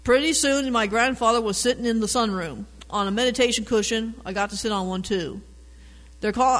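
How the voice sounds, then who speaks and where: Man reading a picture book aloud, high voice, animated with chatty asides; long room reverb. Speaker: reader.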